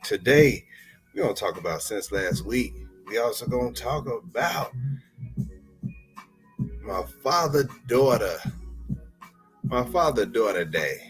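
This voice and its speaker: A man's voice: medium pitch, sing-song, slow pace, long pauses, breathy edge, faint music behind. Playful slangy man hosting a podcast. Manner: loose, playful, slangy storytelling. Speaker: podcast host. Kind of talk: casual solo podcast monologue.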